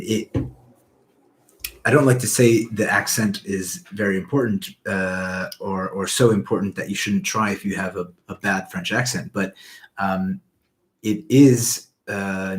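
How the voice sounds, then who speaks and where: Guest, male, deep and monotone, halting, unsure delivery. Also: low-quality recording. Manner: hesitant and unsure. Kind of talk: casual chat.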